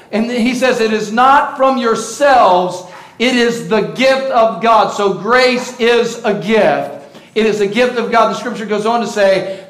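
Pastor guy preaching, kinda high voice, keeps asking the crowd stuff, booming church echo. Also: fairly bright tone. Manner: engaging, asks the congregation questions; playful, self-teasing humor. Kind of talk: sermon.

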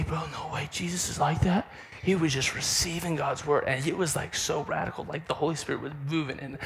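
A young man preaching, telling a lively story to the audience and acting out the other people's voices. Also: fairly high pitch. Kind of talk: sermon.

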